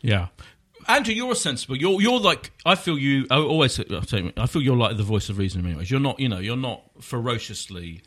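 A man hosting a casual football podcast, animated and opinionated, with quick asides. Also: medium pitch. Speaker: podcast host.

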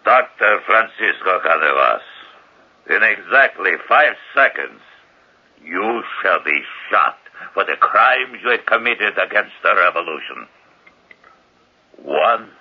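A gravelly, brooding old dictator. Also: male voice, full character voice. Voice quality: deep gravelly voice, slow deliberate delivery. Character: aging male dictator, mocking, self-pitying, lonely. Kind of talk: 1940s-50s radio drama acting. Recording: dull lo-fi old radio recording.

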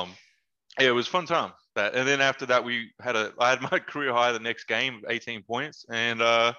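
A man with a bright, forceful voice tells relaxed stories on a podcast, mixing in slang and laughing easily. The audio is dull and lo-fi. He talks like he is among old friends. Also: medium pitch, moderate pace, smooth. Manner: laid-back, laughs often, slangy asides. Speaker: podcast guest, former basketball player. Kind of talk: casual storytelling chat.

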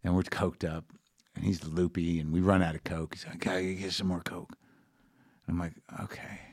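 A man with a low, dry voice rambles through a story in casual conversation, swearing often and stacking up fillers like "you know" and "like". He sounds middle-aged, and the recording sits close and dry with no room around it. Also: level tone, normal speed, no echo. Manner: rambling, profane, lots of fillers. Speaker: guest comedian.

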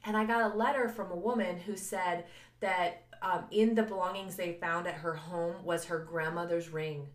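Brief: lively woman podcaster, storytelling with laughs, roomy echo. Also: lowish voice, normal speed. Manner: animated, laughing, acts out voices of others. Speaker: podcast co-host. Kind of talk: casual storytelling chat. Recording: echoey room.

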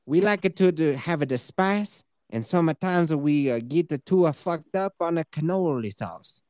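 Man playing a hammy put-on Argentinian bloke: broken accent, swooping pitch, boastful. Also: lively intonation, moderate pace, a little mellow, no echo, studio quality, natural voice. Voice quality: broken comic accent, sing-song. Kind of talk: comic put-on voice in podcast chat.

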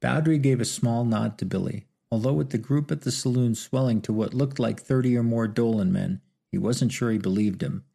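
A man narrating a western audiobook in a steady storytelling manner. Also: medium pitch, moderate pace, creaky, few pauses, slightly rough.

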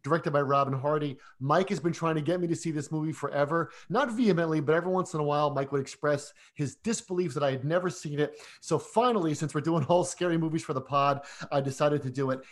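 A man co-hosting a podcast, talking through a film in a casual, animated way, often restarting his sentences. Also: a little high, quick pace, few pauses. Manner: animated, chatty, frequent restarts. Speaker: podcast co-host.

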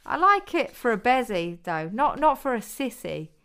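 An eager young woman chimes in with bright approval, as a woman reader gives her voice. She sits above the reader's usual pitch with a smooth, clear tone. It is read like a storybook. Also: sing-song, normal speed. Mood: cheerful.

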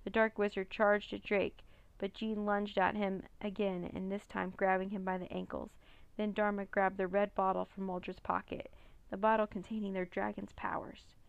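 Gravelly-voiced woman reading a storybook. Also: medium pitch, moderate pace, dry recording, dull audio. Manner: steady, plain reading. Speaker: narrator. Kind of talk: storybook read-aloud.

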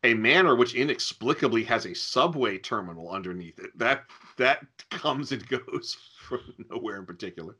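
A man co-hosting a casual podcast chat about old adventure games, wry and quick to laugh. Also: mid-range voice, animated, bright, forceful tone, slightly rough. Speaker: podcast co-host.

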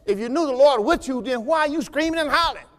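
A man pastor preaching a sermon, moving from conversational teaching to loud, rising exhortation in a church sanctuary. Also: extremely high pitch, lively intonation, quick pace, in a large hall.

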